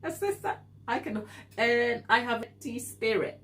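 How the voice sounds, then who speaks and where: With a high-leaning, fairly bright voice at a moderate pace, a woman hosts a live baking stream. She responds to viewers' comments earnestly and supportively, breaking into laughter readily.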